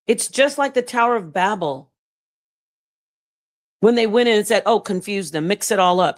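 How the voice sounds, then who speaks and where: A woman talks through scripture on her own channel, casual and emphatic. She reads passages aloud and speaks straight to her viewers, and her voice sits at a middle pitch. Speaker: channel host teaching on scripture. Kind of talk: casual livestream-style teaching and commentary.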